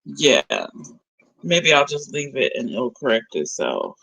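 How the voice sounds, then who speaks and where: A young woman live streamer in casual chat, animated and talkative, switching between low mutters and loud outbursts. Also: unhurried, vocal fry, low-quality recording. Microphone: phone.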